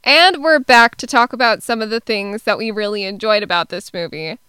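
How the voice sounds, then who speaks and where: Woman cohosting a movie podcast, bright crisp voice, dry close sound, lots of ums. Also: mid-range voice, normal speed, no echo. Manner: relaxed, hesitant with many ums. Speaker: podcast co-host. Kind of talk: casual film review chat.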